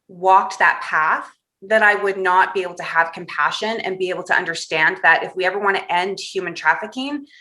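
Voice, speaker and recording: A woman's voice: mid-range voice, bright, forceful tone. A woman guest on a podcast interview, telling a personal story candidly and with animation, often laughing through hard memories.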